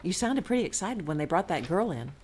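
A woman's voice: lowish voice, big pitch swings, fairly quick, a little mellow, a little hiss or hum. A woman playing a pushy, curious researcher. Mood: eager.

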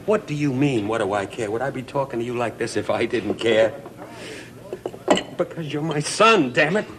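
A man's voice: medium pitch, lively intonation, moderate pace, very noisy, natural voice. An actor playing a rich, lonely middle-aged father in a sitcom, pleading with his estranged son over the phone and then covering it with forced bluster. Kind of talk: sitcom acting. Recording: studio audience laughter.

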